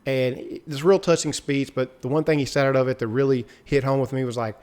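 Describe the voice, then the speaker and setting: A man co-hosting a casual recap chat, telling the story in an excitable, animated way. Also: mid-range voice, brisk, few pauses, smooth. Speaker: podcast co-host.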